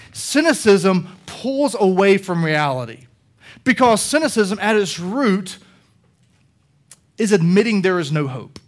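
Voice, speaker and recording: A high-pitched man delivers a sermon from the pulpit. He explains scripture in a conversational way, then swells into loud, animated passion as he drives his points home. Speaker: pastor.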